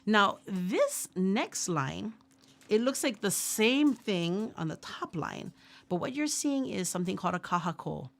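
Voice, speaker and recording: A woman's voice: mid-range voice, sing-song, gravelly. Patient woman teaching Hawaiian syllables. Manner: patient, slow, repeat-after-me drilling. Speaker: ukulele and Hawaiian language teacher. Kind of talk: teaching a workshop, singing and drilling syllables.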